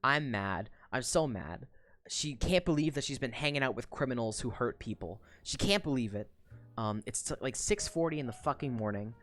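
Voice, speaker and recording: A young woman streamer retelling a book in casual chat, profane, rambling and animated. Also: a bass voice, fairly quick.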